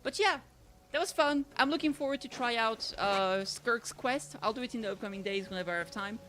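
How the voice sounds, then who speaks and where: Bright-voiced woman with a slight French accent. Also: a little high, fairly quick. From France. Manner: chatty, rambling, many fillers and restarts. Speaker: streamer. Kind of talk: casual chat to stream viewers.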